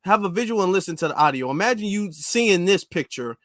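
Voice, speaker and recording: A man's voice: high-pitched, animated, brisk, crowd noise. A man giving opinionated commentary on a close mic, talking in an incredulous, repetitive, ranting way. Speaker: commentary vlogger.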